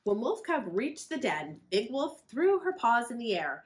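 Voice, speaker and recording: A woman's voice: on the high side, unhurried, few pauses. Librarian lady reading a kids' book, friendly, voice bouncing up and down a lot. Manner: expressive, friendly storytelling. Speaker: children's librarian. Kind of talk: reading a picture book aloud to children.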